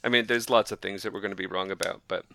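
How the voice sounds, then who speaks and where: A man's voice: low-pitched, fairly even intonation, quick pace, creaky, bright, forceful tone. A man co-hosting a podcast, chatting casually and playfully, teasing his co-host and asking questions. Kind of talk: casual chat.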